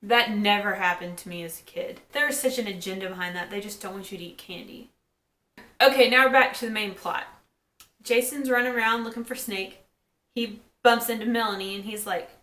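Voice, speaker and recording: A woman giving a casual recap of a TV episode, chatting and quoting characters in quick asides. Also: mid-range voice, fairly bright tone. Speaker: TV episode reviewer. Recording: echoey room.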